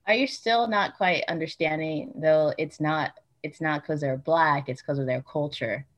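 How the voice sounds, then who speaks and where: A woman calmly explaining her view in a casual interview, emphatic and a little lecturing. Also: deep voice, unhurried. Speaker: interview guest. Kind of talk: casual conversation. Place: Utah.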